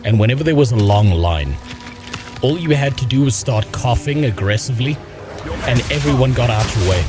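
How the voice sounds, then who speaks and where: A man's voice: mid-range voice, animated, moderate pace. Blunt, profane young man streaming a game. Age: young adult. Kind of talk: casual gaming stream chat. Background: game music.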